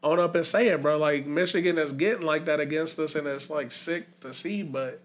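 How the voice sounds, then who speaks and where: A man's voice: fairly high pitch, normal speed, crowd noise. A man co-hosting a podcast, rambling and laughing in casual, profane talk about football. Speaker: podcast co-host. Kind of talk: casual sports chat.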